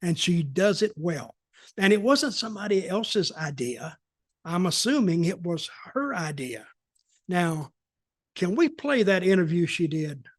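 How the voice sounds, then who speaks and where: A man's voice: high-pitched, very animated, a little slow, no echo, studio quality. An American man hosting a podcast, giving folksy, opinionated takes in a rambling, storytelling way. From United States. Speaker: podcast host, wrestling veteran. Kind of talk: casual podcast chat.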